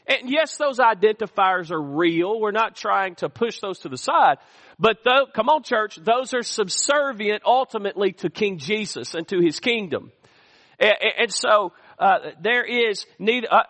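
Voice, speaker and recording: A man's voice: high-pitched, pushed and bright. A man preaching a sermon, calling out to the congregation for amens in a church sanctuary. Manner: call-and-response preaching, asks the congregation for amens. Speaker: pastor. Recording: echoey church hall.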